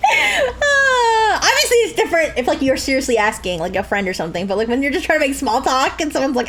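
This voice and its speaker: A young woman streaming a game, joking and laughing a lot with high squeals. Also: sing-song, fairly quick, fairly bright tone. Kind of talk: casual game commentary.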